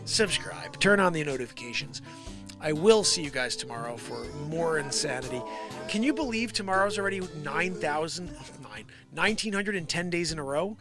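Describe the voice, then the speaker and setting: A man's voice: expressive, moderate pace. A man hosting a daily comedy livestream, rambling and riffing on the news and greeting viewers by name. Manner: rambling, riffing, puts on squeaky voices for quoted people. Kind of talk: improvised comedy livestream chat. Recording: music playing loudly behind. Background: music.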